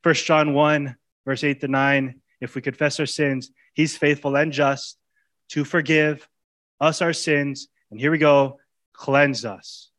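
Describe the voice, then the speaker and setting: A man's voice: fairly high pitch, fairly even intonation, slow pace. Impassioned man preaching a sermon. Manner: impassioned, swings from loud urging to hushed intimacy; colloquial preaching, casual grammar. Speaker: pastor.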